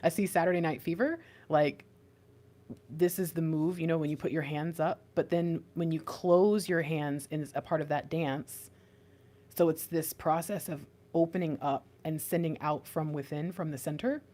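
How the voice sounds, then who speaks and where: A young woman giving an intuitive tarot reading, rambling and excitable, often trailing off and laughing. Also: sits low, moderate pace. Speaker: tarot reader.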